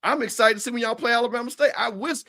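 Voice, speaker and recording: A man hosting a casual livestream, trash-talking in an animated way with stammered restarts. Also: extremely high pitch, racing. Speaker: show host.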